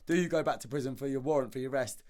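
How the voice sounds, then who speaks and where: Man, podcast guest, rapid animated storytelling, middle pitch, repeats words. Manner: animated, repeats words, slangy, acts out dialogue. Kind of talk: storytelling in casual conversation.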